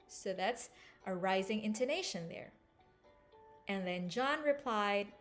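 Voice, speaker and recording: A woman's voice: medium pitch, animated, measured pace, soft background music. A woman teaching an English lesson, explaining and repeating phrases to show intonation. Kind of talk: language lesson.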